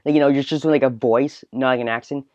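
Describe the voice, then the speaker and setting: A man's voice: medium pitch, fairly even intonation, quick pace, a little mellow, clear, resonant tone, no echo. A man hosting a solo podcast, ranting in a rambling way full of filler words. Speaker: podcast host. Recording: dull, dry, lo-fi recording.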